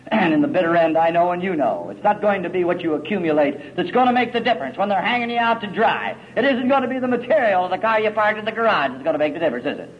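A middle-aged man telling his story at a recovery meeting, gritty and folksy, swinging from loud to hushed. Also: high voice, animated, fast, hardly any pauses, highs cut off, slight background noise.

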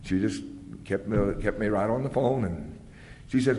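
A man's voice: lowish voice, lively intonation, a little fast, mellow, slight background noise. A man telling his own story in a plain-spoken, folksy way, full of "uh"s and repeated words. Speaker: speaker sharing his recovery story. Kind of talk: personal storytelling to an audience. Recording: long reverb from a big hall.

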